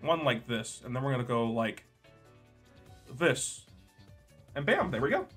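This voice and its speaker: A man's voice: mid-range voice, big pitch swings, unhurried, a bit bright, breathy edge, soft background music. A young man streaming, chatting casually, joking and reading chat aloud while editing art.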